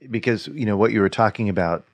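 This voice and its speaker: A man's voice: on the low side, fast talker, dry recording. A man co-hosting a podcast, thinking aloud in a reflective, casual way. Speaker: podcast co-host. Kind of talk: casual conversation.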